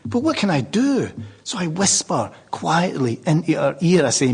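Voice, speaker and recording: A man's voice: on the high side, sing-song, normal speed, creaky, darkish tone, slightly rough. An older man with a Glaswegian Scottish accent, a Buddhist speaker telling a rambling, humorous story to a live audience.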